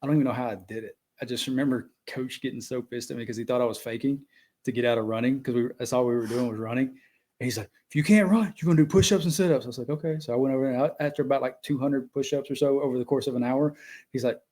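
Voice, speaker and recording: A man's voice: mid-range voice, level tone, quick pace, warm tone. Man, podcast host, easygoing, laughs along, casual chat.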